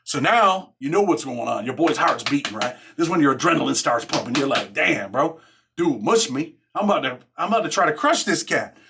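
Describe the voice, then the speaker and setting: A slightly high, husky, gravelly voice, pushed and bright, comes from a middle-aged podcast host from Rochester, New York, speaking a little fast and animatedly. He tells a jailhouse story in casual street slang, filling it with "man" and "right?" and acting out what others said.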